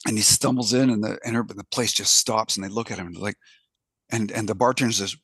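A middle-aged man co-hosting a podcast, telling jokes in an animated storytelling way and laughing at his own punchlines. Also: lowish voice, quick pace, husky, no room sound, clean studio sound. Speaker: podcast co-host. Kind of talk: casual joke-telling chat.

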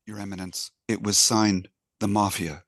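Comedian playing a low, hushed, deferential aide to the pope, husky, dry close sound. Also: male voice, little pitch movement, moderate pace, dry recording. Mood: solemn. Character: grave male papal assistant, hushed and solemn. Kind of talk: comedic joke-telling with character voices.

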